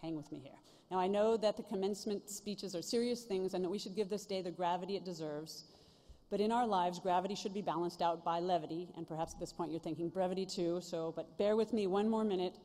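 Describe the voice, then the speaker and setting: A woman's voice: fairly low pitch, fairly quick, mellow. A middle-aged woman giving a commencement speech from a stage, earnest and self-deprecating, speaking at a podium microphone. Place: large ceremony venue stage. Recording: reverberant hall sound.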